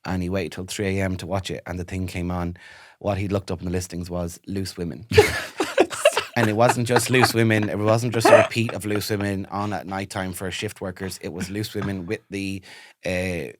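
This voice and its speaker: A man's voice: low voice, level tone, normal speed, dry recording, clean studio sound. A young man co-hosting a podcast, telling stories in casual chat and laughing often. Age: young adult. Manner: chatty storyteller, laughs often. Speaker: podcast co-host.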